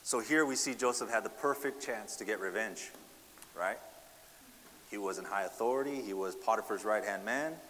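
A man's voice: fairly low pitch, normal speed, a bit bright, big-room sound, slight background noise. Man preaching with rhetorical questions. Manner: asks the congregation rhetorical questions, repeats "right?". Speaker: pastor. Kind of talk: sermon.

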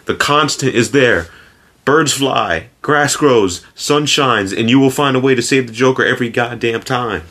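A man's voice: mid-range voice, unhurried, a bit bright. A man as a podcast guest in casual chat, teasing and goading, and laughing often.

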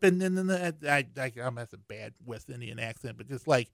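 A man hosts his own podcast in a loose, rambling monologue, stopping and restarting with plenty of fillers and the odd curse. His voice sits a little high for a man and sounds bright and crisp. It is recorded dry and close, with no room sound. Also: dry recording. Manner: halting, many fillers and restarts, swearing; gets worked up while telling an annoying story. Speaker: podcast host.

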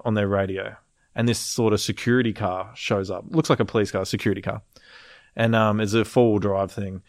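Male storyteller, low-pitched, animated and profane, casual podcast chat. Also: no room sound, clean studio sound. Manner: animated, swearing, laughing through the story.

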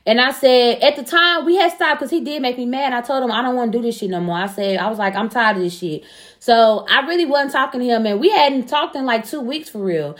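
A young woman with a fairly high voice chats casually as a show co-host. She tells a personal story bluntly and profanely and acts out the quoted back-and-forth with lively energy. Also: fairly quick. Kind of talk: casual chat.

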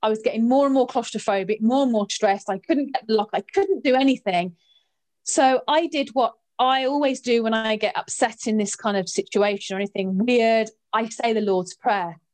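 Woman guest, slightly high voice, lively anecdotal storyteller. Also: moderate pace. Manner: lively, expressive, jumps in pitch when recounting drama. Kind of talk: animated anecdote telling.

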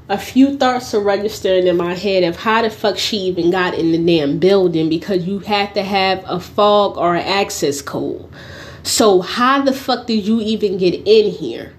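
A young woman hosting a podcast, telling a story in a blunt, profane, animated way and often laughing as she goes. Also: medium pitch. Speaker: podcast host. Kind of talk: casual storytelling monologue.

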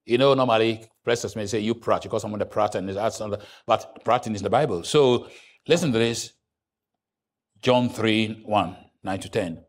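A man preaching a sermon as pastor, moving between hushed asides and loud, high-pitched outbursts. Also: moderate pace.

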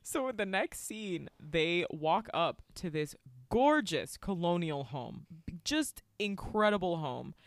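A woman's voice: on the low side, expressive, takes it slowly. A woman co-hosting a podcast, recapping a movie in a profane, sarcastic storytelling way. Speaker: podcast co-host.

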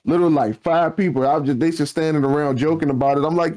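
Blunt, slangy man with a mellow voice. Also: a little high, steady tone, fast, hardly any pauses. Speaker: podcast co-host. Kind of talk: casual motivational podcast chat.

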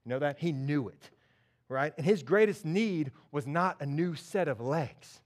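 A man preaching a sermon in a church, telling a story with lively acted-out voices. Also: on the high side, a little slow. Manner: animated storytelling, acts out characters. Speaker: pastor.

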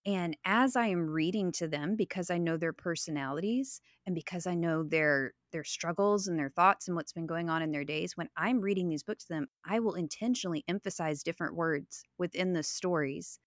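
A woman in her thirties co-hosts a faith podcast, earnestly and reflectively sharing personal stories. Her voice is low for a woman, her pace moderate with few pauses, and the recording is dry and close with no room echo.

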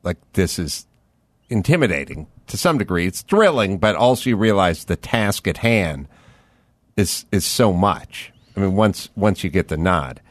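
A man's voice: sits low, big pitch swings, measured pace, no room sound. A man hosting a podcast interview, riffing in a loose conversational way as he muses aloud. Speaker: podcast host. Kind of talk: casual interview chat.

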